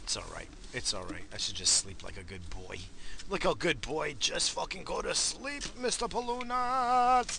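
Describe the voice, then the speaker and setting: A man hosting a casual rambling monologue, swinging from loud hyped shouts to low muttering, swearing often and coughing now and then. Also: expressive, moderate pace, vocal fry, noisy background. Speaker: podcast host.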